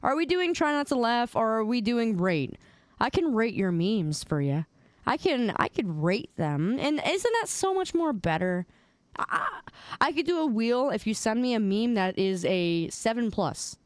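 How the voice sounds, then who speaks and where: A woman's voice: a little high, very animated, a little slow, clean tone, no echo. A woman streaming, chatting casually and reacting to memes with playful, mock-indignant whining and teasing.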